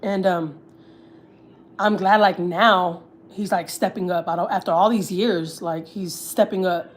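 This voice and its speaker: A woman's voice: fairly low pitch, fairly even intonation, measured pace, slight background noise. A young woman from Texas, a family vlogger, chatting candidly on a livestream, full of swearing and filler words. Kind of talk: casual livestream chat.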